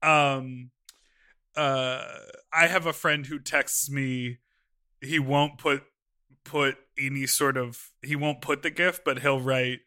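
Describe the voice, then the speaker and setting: A man co-hosting a podcast in casual chat, animated and laughing often, swearing casually as he talks. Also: medium pitch, clear, resonant tone, no echo, clean studio sound. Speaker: podcast co-host.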